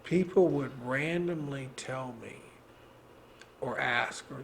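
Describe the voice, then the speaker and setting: A man's voice: mid-range voice, slow, vocal fry, fairly bright tone, a little hiss or hum. A man in his thirties from Texas, rambling in casual podcast chat, swearing and laughing often. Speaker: podcast host.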